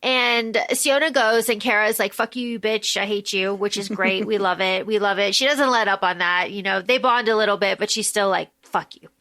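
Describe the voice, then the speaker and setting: A woman co-hosting a casual book-discussion podcast, recapping the plot in an animated, loose way with casual swearing. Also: medium pitch, a little fast, few pauses. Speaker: podcast co-host.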